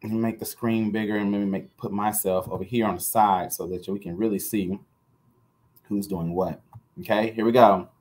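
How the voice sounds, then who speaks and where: A man hosting a live-stream jewelry sale, chatty and upbeat and talking straight to his viewers, with soft music behind. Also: fairly low pitch, fairly even intonation, moderate pace. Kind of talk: live-stream sales chat.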